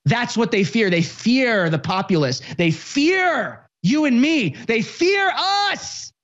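A speaker in their twenties hosting a political commentary show, ranting with impassioned, sarcastic shouting. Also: mid-range voice, very animated, slow pace, muffled recording.

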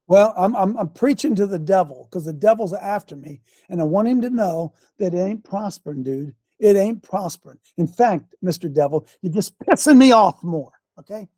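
A man preaching a fiery sermon, folksy and combative, with slang and sudden shouts. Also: sits high, expressive, normal speed, hardly any pauses, no room sound. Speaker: pastor.

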